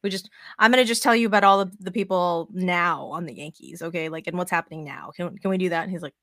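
A woman's voice: fairly low pitch, quick pace, hardly any pauses, a bit bright, dry recording, clean studio sound. A woman in her thirties chatting as a podcast guest, telling swear-filled stories with quoted back-and-forth. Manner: profane, storytelling with quoted dialogue. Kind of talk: casual chat.

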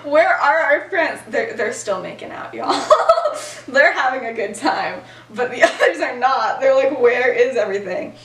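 A woman's voice: fairly high pitch, moderate pace, hardly any pauses, recorded from a distance. Giggly young woman retelling a story. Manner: giggly, animated, lots of fillers. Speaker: podcast host telling the story. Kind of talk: casual storytelling chat. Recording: echoey room, voice off-mic.

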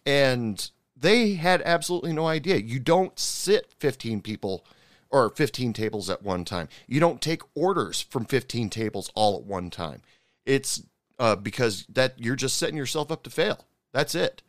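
A man speaking in a casual, frank rant, swearing freely and trailing through fillers and false starts. His middle-pitched voice is recorded close and dry, with no room sound. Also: lively intonation, moderate pace, no room sound. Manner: frank and profane, with many fillers and restarts. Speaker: viewer recapping a TV cooking show. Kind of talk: casual ranting commentary.

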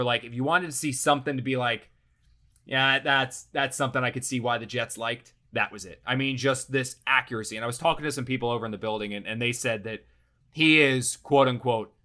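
Fast, bright young man talking sports. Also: mid-range voice. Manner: excitable, rambling, lots of "like". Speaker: team beat reporter and panelist. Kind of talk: casual sports talk chat.

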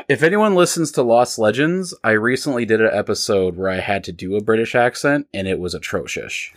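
Young male podcast co-host, animated and playful, loose and casual. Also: fairly low pitch, normal speed. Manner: animated, joking, swears freely. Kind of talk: casual chat.

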